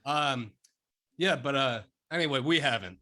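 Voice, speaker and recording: A man's voice: medium pitch, moderate pace, pushed and bright. A man speaking in character as a player in a tabletop game, with a dry, hesitant manner.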